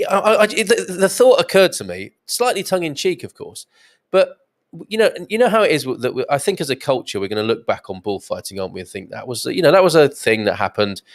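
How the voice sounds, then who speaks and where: English male host for a comment-reading live stream; chatty, rambling, quick to chuckle. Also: mid-range voice. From England.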